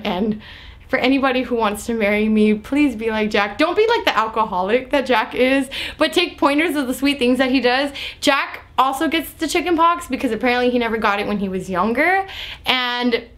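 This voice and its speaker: A young woman talks straight to her viewers in a chatty, animated recap. Her voice sits a little high for a woman. She fills her sentences with "like" and slips into little impressions of the people she describes. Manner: animated, lots of "like" fillers, acts out quotes. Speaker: vlogger recapping a TV episode.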